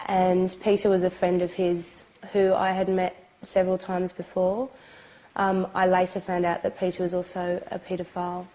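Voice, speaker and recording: Tearful British woman testifying for a documentary; halting delivery, dark mellow tone. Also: fairly low pitch, monotone, poor audio. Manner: halting, pausing, hesitant with many ums. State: crying, sobbing. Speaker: abuse survivor recounting her experience.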